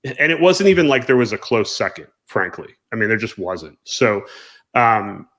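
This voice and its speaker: A man in his thirties hosting an interview, earnest and halting with many restarts. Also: lowish voice, big pitch swings, fairly bright tone. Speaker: podcast host interviewer. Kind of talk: casual interview chat.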